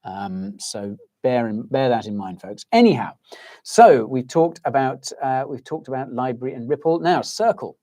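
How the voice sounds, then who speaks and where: The speaker is a middle-aged Englishman running a casual livestream, his mid-range voice mellow and animated at a measured pace. Soothing to the point of soporific, he rambles and rants while answering viewer comments.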